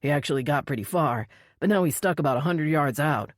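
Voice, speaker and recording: A woman voicing a big male firefighter who speaks loudly and with command in an audiobook. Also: low voice, animated, fairly quick, dry recording, studio quality. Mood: urgent. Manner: loud, commanding. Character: brawny male firefighter shouting orders.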